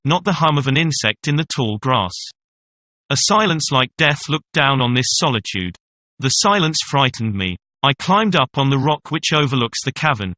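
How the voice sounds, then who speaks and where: A man reading a classic horror story aloud in a measured, suspenseful way. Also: mid-range voice, pushed and bright, dry recording. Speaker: audiobook narrator. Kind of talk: scripted narration of a horror story.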